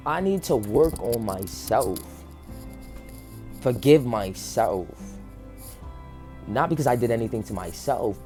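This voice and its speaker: Man, low and mellow, passionate and teary motivational talk, light music under. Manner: earnest, passionate, many fillers like "like". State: near tears. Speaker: faith vlogger. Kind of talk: emotional motivational monologue.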